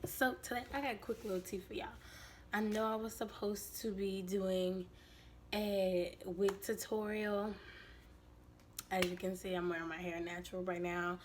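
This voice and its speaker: A woman vlogger with a raspy, hoarse voice from allergies, chatting casually and animatedly with her viewers. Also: mid-range voice, a little hiss or hum. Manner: chatty and animated, quick asides.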